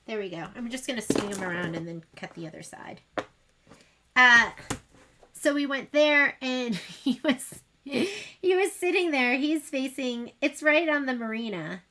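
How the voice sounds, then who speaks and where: Bright-voiced chatty woman sewing host. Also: high-pitched, expressive, a little slow, slight background noise. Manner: chatty, rambling, self-deprecating. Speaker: sewing shop livestream host. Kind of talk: casual chat while demonstrating sewing.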